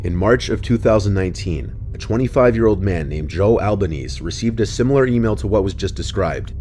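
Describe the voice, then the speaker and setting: A man reading a scripted true-crime narration in an even, measured way. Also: lowish voice, a little hiss or hum. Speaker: narrator of a documentary video. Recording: narration over background music.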